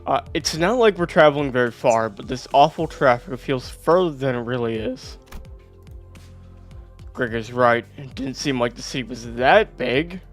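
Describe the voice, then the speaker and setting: A man's voice: medium pitch, expressive, normal speed, faint music behind. A man streaming a game, reading its story aloud in a casual way and mixing in his own asides. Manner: casual, with plain narration between asides.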